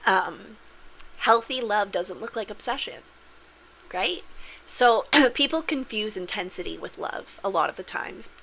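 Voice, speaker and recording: A woman with a bright, crisp voice talks straight to camera in a loose, opinionated vlog. She is candid and swears freely. She slips into big, acted-out voices when she retells scenes. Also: mid-range voice, animated, a little slow. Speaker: manifestation vlogger. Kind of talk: casual opinionated monologue.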